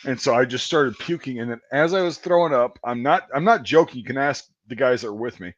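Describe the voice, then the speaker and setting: Speaking briskly and expressively in a mid-range voice, a podcast host rambles through a long army story, swearing and laughing at his own expense. The audio is dry and lo-fi.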